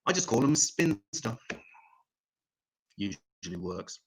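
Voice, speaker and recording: A man doing a stand-up comedy set online, delivering crude, deadpan one-liners. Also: medium pitch, slow pace, breathy edge, rough recording. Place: home, online comedy show.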